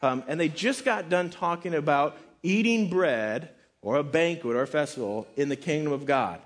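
Husky-voiced man giving a casual sermon. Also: fairly high pitch, normal speed. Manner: relaxed and joking, heavy use of "like". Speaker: pastor teaching a Bible passage.

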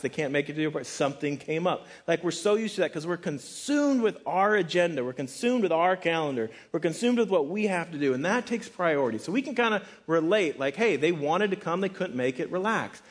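A man preaching a relaxed, conversational sermon on a Bible passage, joking and saying "like" often. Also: sits high. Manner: relaxed and joking, heavy use of "like". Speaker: pastor teaching a Bible passage.

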